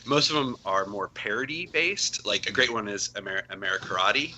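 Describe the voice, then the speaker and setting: A man's voice: lowish voice, animated, moderate pace, bright, forceful tone, slight background noise, poor audio. A man, a comic writer on as a guest, chatting casually and rambling with lots of fillers. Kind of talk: casual chat.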